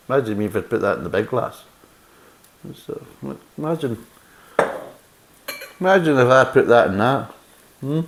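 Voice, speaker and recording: A Scottish man reviewing a beer in casual chat, sarcastic and blunt, reading the label aloud and mocking it. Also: lowish voice. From Scotland.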